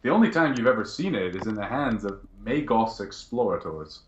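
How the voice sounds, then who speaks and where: Game master narrating a tabletop session, low voice, roomy echo. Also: male voice, big pitch swings, highs cut off, slight background noise. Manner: narrates quickly in present tense.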